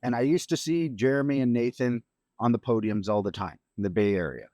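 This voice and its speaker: A middle-aged man, a grieving father, telling a personal story on a podcast in a halting, reflective way with many restarts. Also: medium pitch, mellow, no echo, lo-fi sound. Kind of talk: emotional storytelling.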